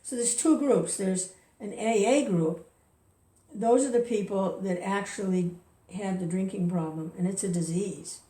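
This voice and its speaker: A woman who rambles and chuckles through a casual spoken reflection, chanting softly between her thoughts. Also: medium pitch, unhurried. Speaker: devotee sharing reflections. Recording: roomy distant recording.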